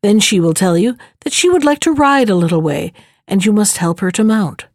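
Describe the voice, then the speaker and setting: A woman reading aloud, voicing a wise, kindly talking horse who gives calm, patient advice. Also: mid-range voice, normal speed, no echo, clean studio sound.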